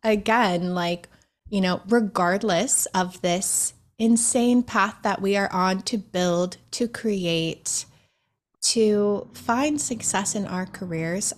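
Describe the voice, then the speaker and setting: A young adult woman speaking as a guest in an interview, earnest and reflective, with soft laughs and filler words. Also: medium pitch. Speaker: podcast guest. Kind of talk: heartfelt interview conversation.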